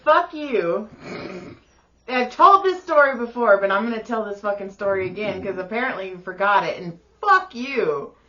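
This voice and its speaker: A woman's voice: medium pitch, lively intonation, moderate pace, bright, forceful tone, lo-fi sound. A woman co-hosting a podcast, telling stories in a blunt, profane, teasing way. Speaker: podcast co-host. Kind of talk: casual storytelling chat.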